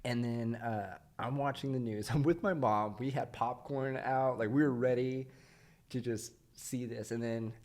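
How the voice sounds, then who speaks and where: A man's voice: medium pitch, steady tone, unhurried, darkish tone. A young man hosting a podcast, telling stories in a laid-back, casual way and laughing often. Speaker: podcast host. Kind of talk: casual chat. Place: podcast studio.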